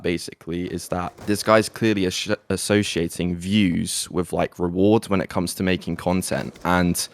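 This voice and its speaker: Laid-back low-voiced young man. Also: creaky, dry recording. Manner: laid-back, swears, jokey sarcasm. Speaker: guest YouTuber. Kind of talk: casual advice chat.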